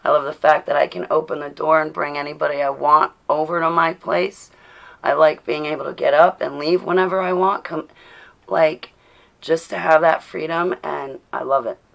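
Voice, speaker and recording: Female livestream host, low and raspy-edged voice, casual home chat that calls out viewers. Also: steady tone, moderate pace. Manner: chatty, addresses viewers by name, laughs often. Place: indoors at home.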